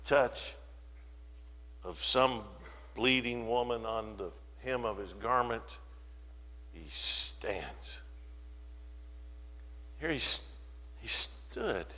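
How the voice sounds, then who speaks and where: A man preaching a sermon in a church, telling a Bible story with animated, dramatic delivery and briefly voicing the people in it. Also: mid-range voice, extremely slow, long pauses, big-room sound. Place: church sanctuary.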